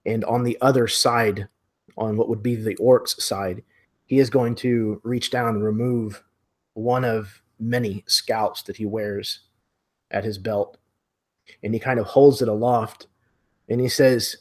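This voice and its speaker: A man at a tabletop game casually lays out his character's actions, hedging his phrasing. His voice is somewhat low. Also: steady tone, a little slow. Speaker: player.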